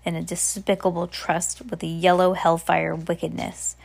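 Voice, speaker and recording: A woman's voice: lowish voice, little pitch movement, moderate pace, gravelly, breathy edge. A woman voicing a gossiping male village milliner, in a storybook reading. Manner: knowing, conspiratorial.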